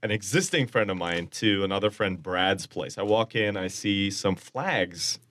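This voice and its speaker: A man in his twenties or thirties with a non-American accent, telling lively anecdotes as a podcast guest and acting out quoted lines. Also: on the low side, moderate pace, no room sound. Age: 20s to 30s. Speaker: supporters group member, guest. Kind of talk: casual storytelling chat.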